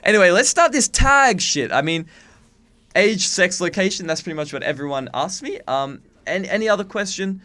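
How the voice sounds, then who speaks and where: A man's voice: high voice, animated, normal speed, bright, forceful tone. A nineteen-year-old man from Australia with a faint, watered-down Australian accent, chatting casually into his webcam and swearing freely. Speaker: YouTuber. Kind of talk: casual chat to camera.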